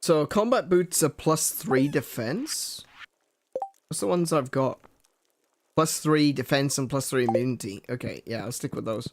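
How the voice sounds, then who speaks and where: A man's voice: medium pitch, animated, measured pace, a little hiss or hum. A young man chatting casually and joking as he plays a farming game with a guest, laughing often and thinking aloud. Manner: joking, chuckly, thinks aloud while playing. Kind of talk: casual gameplay chat.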